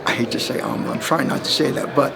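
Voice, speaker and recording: Gravelly storytelling man in his fifties. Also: medium pitch, fast talker, heavy background noise. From New Jersey. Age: 50s. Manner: rambling storyteller who acts out quoted voices and laughs between lines. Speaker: Hall of Fame inductee, former running back. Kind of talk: press interview answers.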